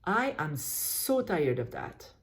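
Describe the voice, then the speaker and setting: A woman leading a guided tapping session, slowly voicing frustration in short repeated phrases while naming tapping points. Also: deep voice, sing-song. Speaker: EFT tapping coach.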